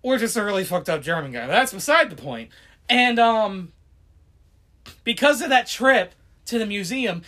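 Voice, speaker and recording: A woman's voice: mid-range voice, lively intonation, normal speed, pauses often, fairly bright tone. A woman co-hosting a podcast, chatting casually and rambling with plenty of fillers and laughter. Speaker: podcast co-host. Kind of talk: casual chat.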